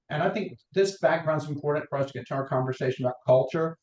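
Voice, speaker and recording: A middle-aged man with a Southern accent, raised in North Carolina, speaks as a podcast guest. His voice sits a little high for a man and he drifts through anecdotes with frequent restarts. The room around him rings with a noticeable echo. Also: fast, few pauses, a little mellow, slight background noise. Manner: rambling anecdotes with restarts, acts out quotes. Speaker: guest, mortgage lender. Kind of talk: podcast interview, career storytelling. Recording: roomy echo.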